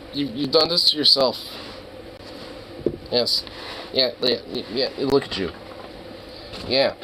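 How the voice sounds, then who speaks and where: A man's voice: fairly high pitch, noisy background. A young man with a cold, casually talking to his dog in an exasperated, teasing way and swearing often. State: has a cold. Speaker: vlogger.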